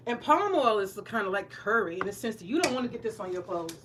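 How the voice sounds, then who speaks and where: A woman's voice: mid-range voice, sing-song, quick pace, far from the mic, background noise. A woman in a casual cooking vlog, chatting in a rambling way and often searching for words. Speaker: home cook vlogger. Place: home kitchen. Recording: voice a bit off-mic, faint kitchen sizzle.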